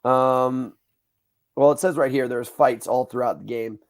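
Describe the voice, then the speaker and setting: A man in his thirties hosting a podcast, telling stories in a casual, animated way, swearing freely and acting out what people said. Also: mid-range voice, measured pace. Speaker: podcast host. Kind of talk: casual storytelling chat.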